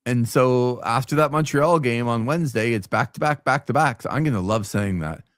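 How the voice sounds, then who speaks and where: A man co-hosting a sports show, chatting casually in an animated, jokey way and repeating phrases for effect. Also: medium pitch, normal speed, no echo.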